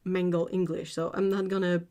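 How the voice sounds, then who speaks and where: Chatty woman, low voice. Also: little pitch movement, brisk, mellow. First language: French. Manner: chatty and giggly, trailing off and searching for words. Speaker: art livestream host. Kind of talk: casual livestream chat, reading viewer comments.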